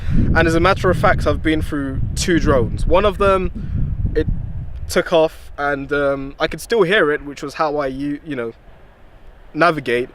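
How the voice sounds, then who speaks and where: A young man answering viewer questions in a relaxed, lightly humorous storytelling manner. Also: fairly high pitch, noisy background. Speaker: athlete vlogger. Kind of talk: casual direct-to-camera Q&A.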